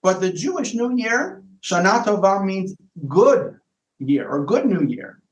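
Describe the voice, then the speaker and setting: A male rabbi explains ideas on a podcast in a thoughtful, conversational way. He often stumbles and repeats words while reaching for the next thought. His voice sits a touch high and rings around an echoey room. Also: very animated, unhurried.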